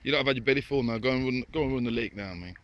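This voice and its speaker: A man's voice: mid-range voice, rapid-fire, muffled recording. A man vlogging by a lake, chatting in a laid-back, repetitive way and talking to the birds. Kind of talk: casual chat to camera. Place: outdoors by a lake. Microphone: phone. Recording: noisy outdoor phone recording.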